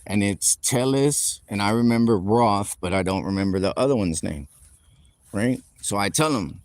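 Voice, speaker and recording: A man's voice: lowish voice, expressive, normal speed, a little mellow, no echo. A man telling a heated, profane, rambling story during a live stream rant, recorded on a phone outdoors on a city street. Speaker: livestreamer.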